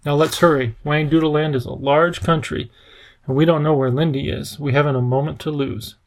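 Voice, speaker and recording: Man reading a worried storybook professor; measured, gravelly, slightly high. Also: fairly even intonation, close to an everyday voice. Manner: measured, grave, sometimes bitter. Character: worried, earnest older male professor.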